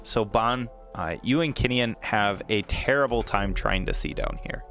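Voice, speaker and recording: A man's voice: lowish voice, normal speed, a bit bright, faint music behind. A man narrating a tabletop game as dungeon master, casual and laughing often, with many fillers.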